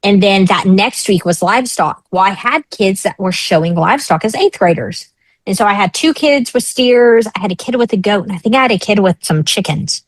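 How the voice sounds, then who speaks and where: A woman's voice: medium pitch, a little fast, dry recording, poor audio. A woman in her thirties, a talk show guest, telling a personal story frankly and acting out the voices of the people in it. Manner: lively, frank, acts out quoted voices.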